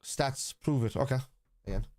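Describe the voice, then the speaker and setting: A man's voice: medium pitch, normal speed, a little mellow, no echo, clean studio sound. A man hosting a live football watchalong from his computer at home, arguing with chat, swearing bluntly, and reading stats aloud. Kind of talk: live-stream chat, answering viewers.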